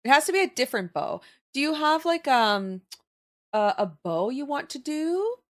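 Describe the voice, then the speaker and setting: Lively young woman chatting on stream. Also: sits high, moderate pace. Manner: chatty, laughs often, reads chat aloud. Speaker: livestream host. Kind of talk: casual livestream chat while drawing.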